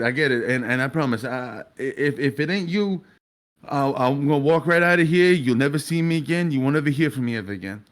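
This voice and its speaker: A man's voice: mid-range voice, pitched above the performer's own voice, lightly acted. A man voicing a grief-stricken middle-aged father who pleads and stammers.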